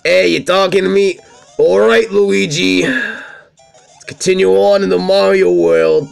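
A man's voice: sits high, steady tone, slow pace, gravelly, soft background music, voice pushed up, exaggerated voice. A man doing a cocky crude Italian plumber.

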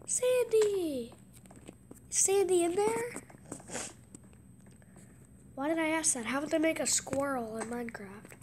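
A woman giving casual game commentary in an excitable voice, gasping with surprise and dropping into hushed asides. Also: high voice, slow pace, pauses often, noisy background. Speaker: gameplay commentator.

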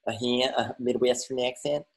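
A man's voice: mid-range voice, steady tone, normal speed. A man hosting a casual interview, asking blunt, joking questions. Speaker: host.

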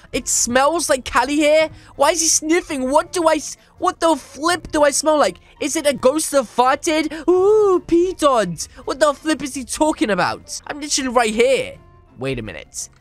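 A man hosting energetic gameplay commentary, excitable and reading chat aloud, with "flipping" in place of swear words. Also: very high voice, moderate pace, hardly any pauses, faint music behind. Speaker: gaming channel host.

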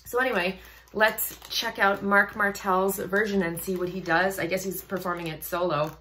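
A woman's voice: medium pitch, fairly even intonation, moderate pace, bright, forceful tone, a little hiss or hum. A woman vocal coach and singer giving casual song reaction commentary, thoughtful, reading text aloud and laughing often.

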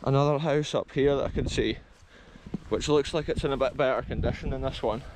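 A man's voice: mid-range voice, fairly quick, darkish tone, a little hiss or hum, rough recording. Enthusiastic Scottish man vlogging outdoors. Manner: enthusiastic, keeps addressing viewers as folks. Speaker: vlogger exploring abandoned places. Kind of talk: casual walking vlog narration. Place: outdoors on a windy rural hillside.

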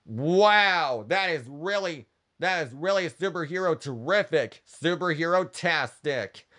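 Slow, halting man retelling a cartoon. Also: fairly high pitch, bright, forceful tone. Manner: halting storytelling strung together with "and then". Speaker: channel host. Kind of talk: retelling a cartoon story for kids.

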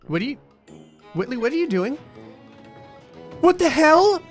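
Casting: a high-voiced man giving excitable, laugh-filled gameplay commentary over faint music. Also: measured pace. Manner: excitable, exclamatory, laughs often. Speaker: gaming YouTuber. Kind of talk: let's-play commentary.

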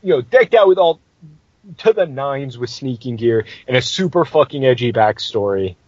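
A man's voice: medium pitch, animated, normal speed, darkish tone, slightly rough, no echo, dull audio. A man hosting a podcast, telling a tabletop game story in a casual, profane and exasperated way.

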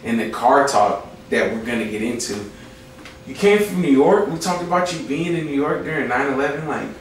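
A man hosting a casual talk show, joking and quick to laugh. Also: medium pitch, expressive, a little hiss or hum. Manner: joking, loud, laughs often. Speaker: podcast host. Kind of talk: casual chat. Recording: echoey room, mic far off.

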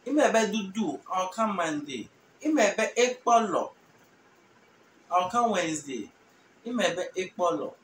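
A Ghanaian man with a slightly higher voice teaches a language lesson very slowly, repeating every phrase. He sounds a little far from the mic, in a roomy space with faint background noise. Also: sing-song. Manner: slow, repeats each phrase patiently and translates. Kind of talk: relaxed spoken language lesson.

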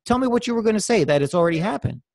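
A man's voice: high voice, lively intonation, very fast, gravelly, darkish tone, no room sound. A man hosting an interview, ranting in a scornful, emphatic way. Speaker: interviewer, channel host. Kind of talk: casual interview chat.

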